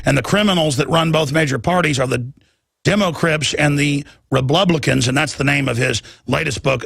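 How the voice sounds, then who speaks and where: Brief: gravelly, bright-voiced man, talk radio host, stammers and restarts. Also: medium pitch, dry recording, studio quality.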